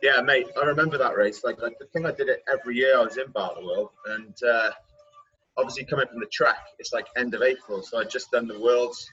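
A man's voice: mid-range voice, brisk, pushed and bright, slight background noise. A man, hosting a casual chat and telling stories with jokey asides. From Wales. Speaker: podcast host, pro cyclist. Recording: dull lo-fi sound, faint music.

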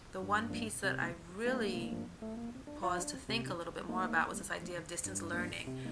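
Thoughtful woman co-host, lower voice, loud music bed behind. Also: poor audio. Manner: thoughtful, with fillers. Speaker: podcast co-host. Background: music bed under the voice.

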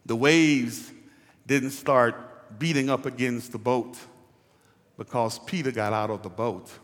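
A male pastor preaches with animated energy, going from loud calls to near-whispers. He keeps checking that his listeners are with him. A long reverb fills the large hall around him. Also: mid-range voice. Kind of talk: sermon.

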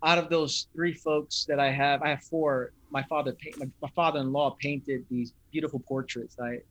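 A man, a pastor, talking in an interview in an earnest, thoughtful, unhurried way. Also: a little high, little pitch movement, a bit bright, no room sound. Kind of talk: reflective interview talk.

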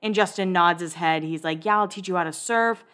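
A woman's voice: fairly low pitch, a little fast, fairly bright tone. A woman giving a casual, chatty recap of a TV episode, sarcastic and blunt, acting out the characters' lines as she goes. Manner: chatty and sarcastic, acts out quotes, swears. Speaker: recap podcast host.

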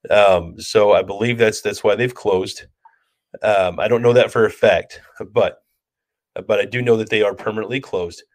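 An easygoing man with a somewhat low voice tells stories on a podcast in a loose, rambling way. His delivery is casual and unhurried. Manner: relaxed, chatty, laughs while telling stories. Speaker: podcast co-host. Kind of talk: casual storytelling chat.

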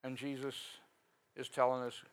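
A man preaching a sermon in a folksy, conversational way, swinging from quiet talk up to sudden loud rises. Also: medium pitch, completely flat delivery, normal speed, smooth, poor audio.

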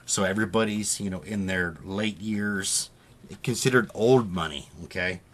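A man's voice: fairly low pitch, moderate pace. A man co-hosting a podcast, telling a rambling story in casual chat, laughing at himself often. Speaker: podcast co-host.

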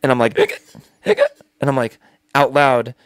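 A man co-hosting a casual comedy talk show, telling stories in a lively way and acting out quotes with big jumps in his voice. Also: slow pace, smooth. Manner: animated storyteller, acts out quotes with big pitch jumps. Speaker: podcast co-host.

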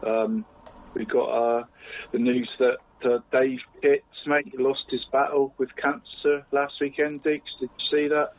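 A man's voice: medium pitch, flat delivery, measured pace. A man co-hosting a podcast in casual chat, rambling with fillers and calling his friend "mate" at every turn. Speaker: podcast co-host. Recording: tinny phone-line sound.

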